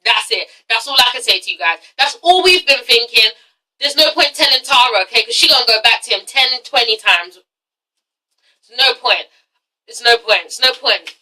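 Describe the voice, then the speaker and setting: A young woman with a high, very bright voice rants through a casual TV review vlog. She is blunt, exasperated and swears freely. Her voice sits a little far from the mic. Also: lively intonation, normal speed. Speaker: YouTube reality-TV reviewer.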